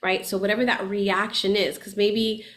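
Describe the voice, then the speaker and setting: A woman hosting a podcast in casual coaching talk, chatty and animated, often checking in with "right?" and laughing as she talks. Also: mid-range voice, normal speed. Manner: laughs often while talking. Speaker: podcast host and spiritual coach.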